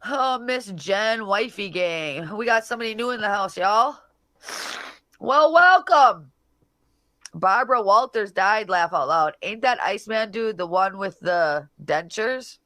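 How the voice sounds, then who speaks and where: A woman's voice: mid-range voice, normal speed, few pauses, fairly bright tone, dry recording. A woman hosting a casual livestream, reading comments and mocking people in a brash, profane way. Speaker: livestream host.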